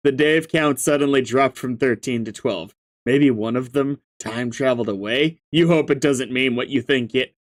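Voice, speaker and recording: A man's voice: medium pitch, moderate pace. A man reading a webcomic aloud and reacting, who stammers, laughs often and breaks into sudden outbursts.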